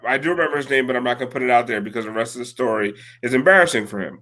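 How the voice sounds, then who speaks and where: Bright-voiced rambling man telling a story. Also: medium pitch, rapid-fire. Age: late 30s. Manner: rambling, profane, loud storyteller. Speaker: podcast co-host. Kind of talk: casual storytelling chat.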